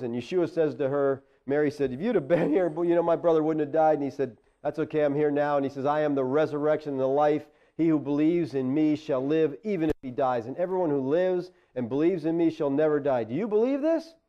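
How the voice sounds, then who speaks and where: A man's voice: a little high, brisk, dark tone, muffled recording. A man preaching a sermon as pastor, talking conversationally and rising to emphatic exclamations.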